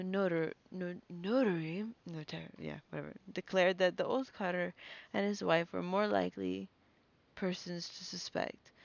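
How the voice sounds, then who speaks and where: A woman's voice: lowish voice, creaky, dull audio. A young woman reading a story aloud on a live stream, stumbling over names and breaking off to react and laugh.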